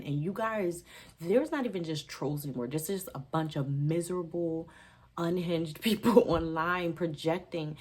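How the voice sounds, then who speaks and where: A woman vlogger with a slightly low-pitched voice talks straight to her camera about her channel. She rambles, restarts her sentences and corrects herself, and her tone stays emotional and heartfelt. She speaks with a gap in her teeth. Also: a little mellow. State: tearful at times. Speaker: budgeting channel host. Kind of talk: casual talk to camera.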